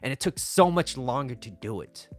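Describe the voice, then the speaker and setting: A man's voice: medium pitch, lively intonation, normal speed. A man hosting a dating and relationship advice talk, rambling casually, swearing freely, laughing often and sometimes calling himself by name. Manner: rambling, profane, laughs often, refers to himself in third person. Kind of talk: casual talking-head advice monologue.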